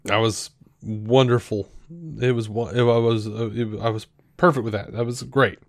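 A man co-hosting a podcast, talking through a show review in a rambling, animated way with lots of fillers and restarts. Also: lowish voice, moderate pace, no echo, clean studio sound. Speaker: podcast co-host. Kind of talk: casual review chat.

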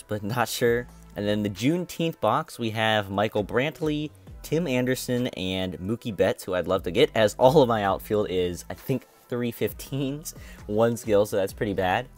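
A young man with a fairly low voice runs through a mobile game box opening as its host, grumbling and repeating himself as his frustration builds. Faint music plays under his voice on the screen recording. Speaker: gaming channel host.

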